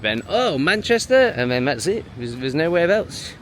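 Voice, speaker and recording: A man's voice: medium pitch, lively intonation, moderate pace, a little hiss or hum. Sneering man vlogging outdoors. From England. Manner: dismissive, sneering. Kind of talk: walking vlog monologue.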